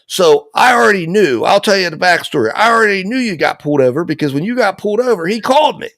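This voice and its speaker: Give me a man playing a gruff older father yelling with excitement, in a dry room. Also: sits high, fairly quick, no echo, pitched above the performer's own voice. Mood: fired up. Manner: shouting, excited.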